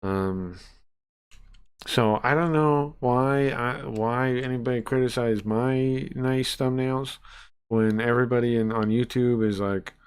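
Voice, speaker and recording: A brash young man rants in casual reaction commentary, mocking and profane. His voice sits at an ordinary middle pitch, and he keeps stumbling into restarts and fillers as he talks. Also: steady tone, slow, clean tone. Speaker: streamer.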